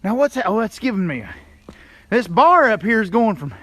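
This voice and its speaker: A man's voice: sits high, very animated, brisk, a bit bright. Folksy, chatty man. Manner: folksy, chatty, greets viewers by name. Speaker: livestreaming channel host. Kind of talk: casual live stream chat. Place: home, walking around the yard outdoors. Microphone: phone held in hand.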